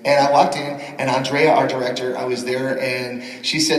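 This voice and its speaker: A man on a convention panel telling animated stories about his work, slipping into voices along the way. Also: medium pitch, a little fast, few pauses. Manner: lively storyteller, slips into voices and impressions. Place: large convention hall. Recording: echoey hall, miked from far off. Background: audience laughter and crowd.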